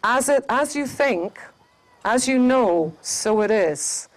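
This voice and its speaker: A Scottish woman quoting a calm old male tribal elder in a slow, gentle voice. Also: fairly high pitch. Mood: serene.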